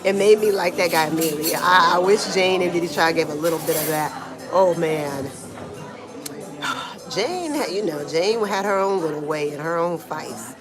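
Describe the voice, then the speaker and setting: A woman giving casual live-stream commentary from home in Brazil, talking in a slangy, animated way and answering chat comments, with a small clip-on mic. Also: fairly low pitch, moderate pace. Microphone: small clip-on microphone being tested. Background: Brazilian music playing.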